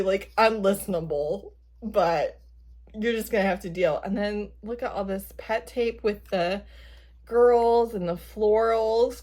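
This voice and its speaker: A woman casually vlogging at home, gushing excitedly and laughing often while unboxing a gift. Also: mid-range voice, unhurried. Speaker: book vlogger. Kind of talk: casual day-in-the-life vlog. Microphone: camera at an odd angle without tripod.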